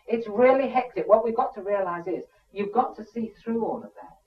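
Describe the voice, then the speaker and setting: A man's voice: sits high, a little fast. A man preaching a sermon in an emphatic, conversational way, with frequent asides to the listeners. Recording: dull sound from a distant mic.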